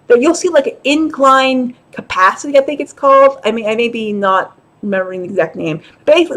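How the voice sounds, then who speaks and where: A woman talking casually to camera as a vlogger, frank and a little profane, with laughing asides. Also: a little high. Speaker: vlogger and show host.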